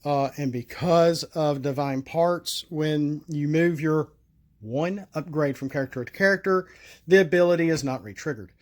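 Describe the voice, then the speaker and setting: A man talks through his homemade card game tests in a loose, thinking-aloud way. He stumbles, restarts and fills pauses with ums. His voice sits a bit higher than most men's. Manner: halting, many fillers and restarts, thinks aloud. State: recovering from a coughing fit. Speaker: solo card game tester and vlogger. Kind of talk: casual rambling talk to camera.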